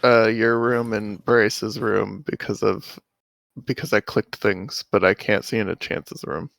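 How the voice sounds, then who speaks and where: A man's voice: lowish voice, steady tone, a little slow, gravelly, a bit bright, no room sound. A man playing in an online tabletop game who asks curious questions and stops and restarts often. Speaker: player. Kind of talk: casual chat during an online game.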